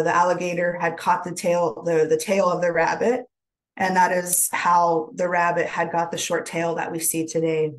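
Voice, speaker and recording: A woman with a somewhat low voice tells a traditional animal story to a webinar audience. She speaks gently and without hurry, and the telling is dotted with soft fillers. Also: rough recording. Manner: gentle, unhurried, many fillers. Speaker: webinar presenter. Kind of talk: oral storytelling.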